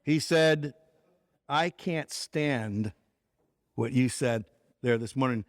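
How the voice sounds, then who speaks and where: Animated male preacher telling a story. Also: takes it slowly, no room sound, studio quality. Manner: animated storyteller, voice drops low for serious points. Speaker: conference speaker. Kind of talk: conversational sermon with storytelling.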